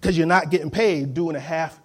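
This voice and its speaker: A man's voice: fairly high pitch, moderate pace, background noise. A man preaching a sermon, emphatic and conversational, calling on the congregation to respond and acting out quoted voices. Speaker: pastor.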